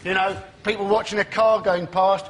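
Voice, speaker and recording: A man's voice: sits high, flat delivery, normal speed. A man on a comedy panel telling dry, observational jokes. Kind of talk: comic panel banter. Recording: TV studio with background noise.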